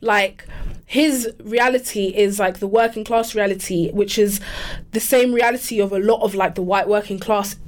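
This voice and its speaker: A woman co-hosting a podcast, talking in loose, filler-laden sentences. Her voice sits in a middle range and she gets animated, pushing her points with emphatic bursts. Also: mid-range voice, moderate pace. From Britain. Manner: loose filler-heavy talk, many restarts. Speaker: podcast co-host. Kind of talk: casual chat.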